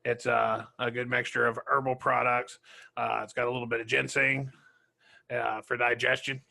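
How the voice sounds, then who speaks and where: A blustering male conspiracy salesman, as a podcast host puts him on, pushing supplements in a bright, mid-pitched voice. He stumbles through the pitch with fillers and pauses. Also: level tone, gravelly, heavily acted. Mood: mock pitch.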